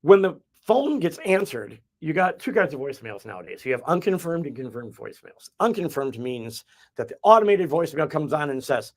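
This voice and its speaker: A man's voice: a little high, sing-song, brisk. A man from the Midwest hosting a real estate podcast, explaining his methods in a folksy, rambling way with restarts. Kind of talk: casual podcast chat.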